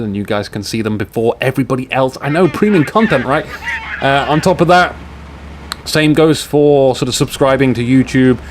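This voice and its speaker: A man shoutcasting a strategy game, excitable and jokey, with rambling asides to his viewers. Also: mid-range voice, slight background noise. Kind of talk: live game commentary.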